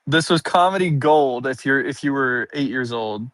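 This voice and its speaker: A man's voice: medium pitch, animated, normal speed, fairly bright tone, dry recording. A young man streaming live, rambling casually and laughing at his own jokes. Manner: rambling and self-amused, laughing often. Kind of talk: casual livestream chat.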